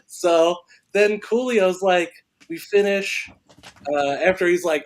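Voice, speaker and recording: A male actor and filmmaker, a guest on a podcast, telling an animated anecdote and laughing often as he talks. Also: sits high, slow. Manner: excitable, laughs often while storytelling.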